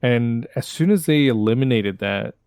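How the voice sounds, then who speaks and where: A man's voice: medium pitch, expressive, normal speed, darkish tone, clear, resonant tone, no echo, studio quality. A man co-hosting a football podcast in casual chat, thoughtful, searching for words and correcting himself. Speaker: podcast co-host.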